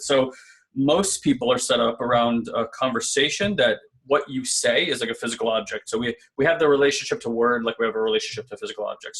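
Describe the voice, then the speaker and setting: With a mid-range, fairly bright voice, a male podcast co-host speaks earnestly and conversationally in a casual spiritual self-help talk. He often checks in with listeners by asking "right?"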